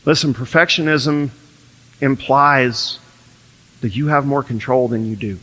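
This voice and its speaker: A man's voice: medium pitch, steady tone, unhurried, fairly bright tone, big-room sound. A man preaching a sermon, reading scripture and acting out little dialogues as he explains it. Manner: earnest preaching, quotes scripture and acts out dialogue. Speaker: pastor.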